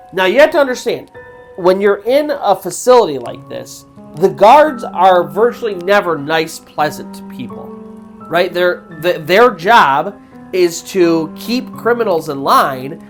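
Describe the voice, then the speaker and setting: A woman host narrating a horror story in a casual, conversational way, with pauses for suspense. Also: fairly low pitch, sing-song, faint music behind. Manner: conversational, with fillers and restarts, dramatic pauses.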